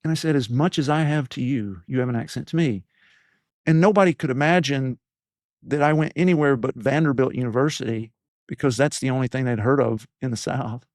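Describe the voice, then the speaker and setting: A man's voice: medium pitch, brisk, a little mellow, no echo. 50s guy from east tennessee telling his story, lots of likes and you knows, dead dry mic. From East Tennessee, USA. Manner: reflective, rambling, many fillers and restarts. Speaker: leadership podcast host as guest. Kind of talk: personal storytelling interview.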